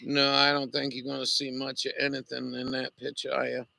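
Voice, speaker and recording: A man vlogging in rambling casual talk, grumbling and cursing, then muttering gently to his dog. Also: medium pitch, completely flat delivery, a little fast, creaky, dry recording, poor audio.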